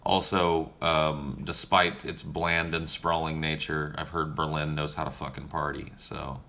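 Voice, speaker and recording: Young male streamer, laid-back and foul-mouthed Q&A, with a bright, edgy tone and faint background noise. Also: extremely low pitch, flat delivery, measured pace. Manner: profane, joking and laid-back. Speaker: streamer answering viewer questions. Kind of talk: casual livestream Q&A.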